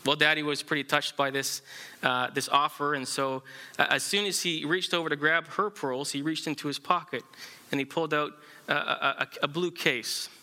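A man preaching a sermon in a very bright, slightly high voice. He speaks haltingly, with frequent fillers and restarts, as he tells a story to the congregation. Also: steady tone. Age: adult, married. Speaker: pastor.

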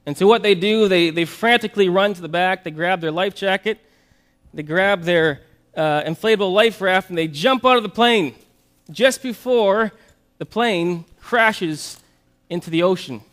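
A man preaches with a fairly high voice, telling a story in an animated way. He often doubles back on his words and then reads scripture aloud. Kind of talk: sermon storytelling.

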